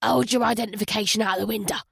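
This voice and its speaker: Woman doing a gravelly east london guy, bossy and curt, dry audiobook read. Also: mid-range voice, steady tone, fast, a bit bright, dry recording, exaggerated voice. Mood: brusque. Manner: curt, commanding, indignant. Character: gravelly East End London man, brusque boss. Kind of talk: audiobook character voice.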